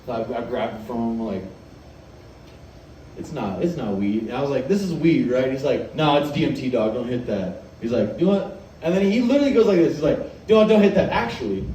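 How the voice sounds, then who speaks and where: A man's voice: medium pitch, darkish tone, slight background noise. Young male comic, rambling and profane, laughs through the bit, mic far off in an echoey room. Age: 20s. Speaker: stand-up comedian. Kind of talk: stand-up storytelling.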